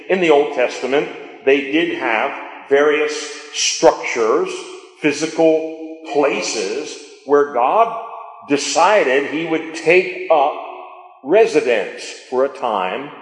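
A pastor with a fairly high, lively voice preaches slowly in a church sanctuary, picked up by the sound system mic amid the hall's long, echoing reverb. He's emphatic, repeats key phrases, and asks the congregation questions.

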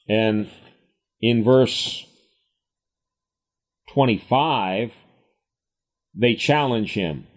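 A man's voice: medium pitch, animated, extremely slow, pauses often. A man teaching a Bible study, reading scripture aloud and explaining it with emphatic commentary. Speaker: preacher.

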